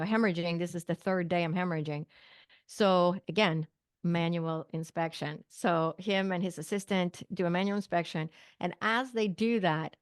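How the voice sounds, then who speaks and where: A middle-aged Swedish woman, appearing as a guest on an interview show, vividly retells a personal story full of quoted dialogue and small laughs. Her voice is fairly low and smooth. She's a naturopathic physician and psychic medium, and the dry recording has clean studio sound.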